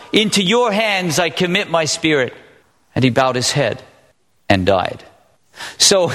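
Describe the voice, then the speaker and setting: A man's voice: a little high, fairly bright tone. Preaching man in a reverberant hall. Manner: preaching, asks the congregation questions. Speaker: pastor. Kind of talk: sermon.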